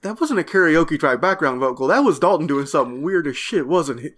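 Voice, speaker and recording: Higher-voiced joking podcast man. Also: lively intonation, a little fast, fairly bright tone. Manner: joking, teasing. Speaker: podcast co-host. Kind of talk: casual podcast chat.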